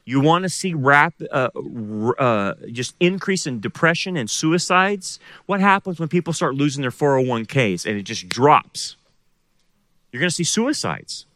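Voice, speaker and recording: A man's voice: mid-range voice, animated, a little slow, sharp tone, no room sound, clean studio sound. A middle-aged man preaching a sermon as pastor, asking the congregation rhetorical questions.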